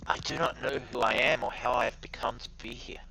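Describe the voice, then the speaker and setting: A man voicing a confused, skittish male mage who has lost his memory, speaking in a breathy, stammering half-whisper. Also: medium pitch, brisk, poor audio. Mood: cagey.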